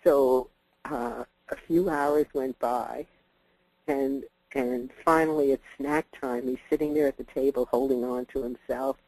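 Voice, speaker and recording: A man's voice: a little slow, poor audio. An older man telling a family anecdote on a parenting podcast, chuckling often as he talks. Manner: chuckling, animated storyteller with a wide-ranging pitch. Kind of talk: anecdotal storytelling.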